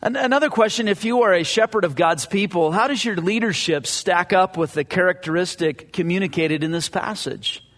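A man's voice: high voice, brisk, hardly any pauses, a bit bright, in a large hall. A man preaching a sermon as pastor, earnest and conversational, often repeating his words as he goes.

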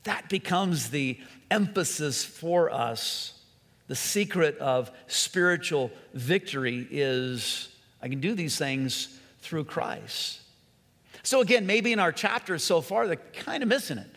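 Male pastor preaching a sermon, fairly high voice, earnest emphasis, long hall reverb. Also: animated, slow. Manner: earnest preaching, repetitive emphasis, drops to soft voice.

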